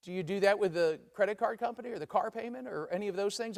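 A man's voice: high voice, animated, fairly quick, creaky, few pauses. A man preaching a sermon in a church, talking in a conversational way and acting out the voices of the people he quotes. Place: church sanctuary. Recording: long reverb of a large church.

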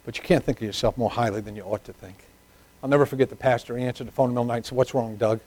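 A middle-aged man preaching a sermon, moving from hushed personal stories to loud, emphatic preaching. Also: medium pitch, racing, poor audio.

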